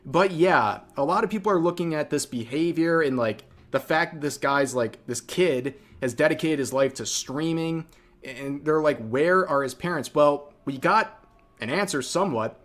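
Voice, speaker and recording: A man's voice: a little high, normal speed, a bit bright. Dry, sarcastic male commentary host.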